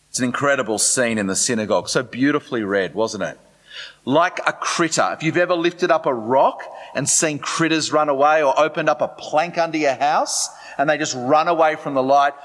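Pastor preaching in an echoing hall. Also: male voice, on the high side, a bit bright. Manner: conversational, asks the congregation questions. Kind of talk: sermon.

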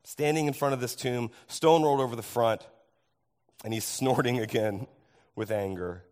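Male pastor, hoarse worn-out voice, lively preacher who quizzes the pews, mid-pitched. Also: moderate pace. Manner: animated, asks the congregation questions. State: hoarse, tired voice. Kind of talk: sermon.

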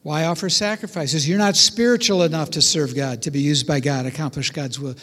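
A man preaching a sermon, telling stories with animated delivery and acting out voices. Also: fairly high pitch, fairly quick, big-room sound. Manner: animated storytelling, acts out voices. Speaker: pastor.

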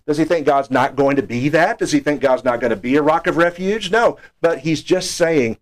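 A man's voice: mid-range voice, moderate pace, hardly any pauses, rough recording. A man preaching a sermon in an earnest, explanatory way, lifting his voice on key phrases.

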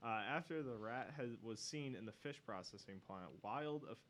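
A man co-hosts a loose, joking podcast, reading an article aloud and breaking off for crude, sarcastic remarks. His voice sits in a middle pitch. A faint noise runs under the recording. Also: moderate pace, fairly bright tone. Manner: profane, sardonic asides while reading. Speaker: podcast co-host. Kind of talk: casual banter, reading a news article aloud.

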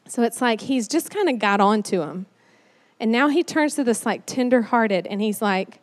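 A woman giving a conversational sermon, chatty and animated with lots of fillers. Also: on the high side, normal speed. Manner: chatty and animated, many "like"s and "you know"s. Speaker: church speaker. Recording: long hall reverb.

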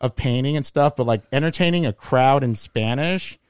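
Male comedian, mid-pitched, crude animated storyteller, dry close sound. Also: moderate pace, smooth, no room sound. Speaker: comedian podcast host. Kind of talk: casual storytelling chat.

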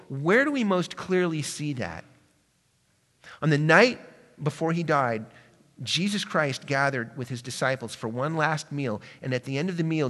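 A man preaching a sermon to a congregation, swinging between hushed, reflective passages and loud, emphatic ones. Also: on the high side. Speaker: pastor. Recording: reverberant hall.

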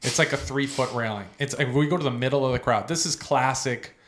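A man's voice: mid-range voice, fairly quick, fairly bright tone, a little hiss or hum. Man telling a rowdy, profane story. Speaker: podcast co-host. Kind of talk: casual chat.

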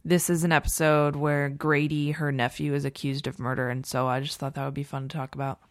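A woman with a notably low voice co-hosts a podcast, chatting casually and rambling with plenty of fillers. Her voice sits close and dry, with no room sound around it. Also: flat delivery, a little fast, no room sound. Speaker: podcast co-host. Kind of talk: casual chat.

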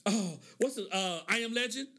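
A man's voice: high-pitched, normal speed, sharp tone. A middle-aged man hosting a casual monologue, telling stories in a laid-back way, laughing often and acting out the lines of the people in them. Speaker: podcast host.

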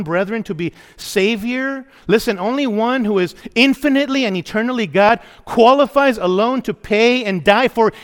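A man's voice: high voice, fairly bright tone. A man preaching a sermon as pastor, emphatic and repetitive, putting questions to the congregation. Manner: emphatic preaching, repeating key phrases, asking the congregation questions. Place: church. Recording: long hall reverb.

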